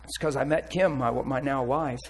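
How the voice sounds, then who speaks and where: Blunt, animated preacher man. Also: medium pitch, moderate pace, slight background noise, low-quality recording. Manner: candid, blunt, animated storytelling. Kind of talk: sermon testimony.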